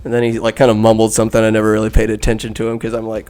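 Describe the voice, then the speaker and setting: A man hosting a podcast, recapping a film in a rambling, casual way with crude asides and quick quoted voices. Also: lowish voice, monotone, a little mellow, faint music behind. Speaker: podcast host. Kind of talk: comedic movie recap.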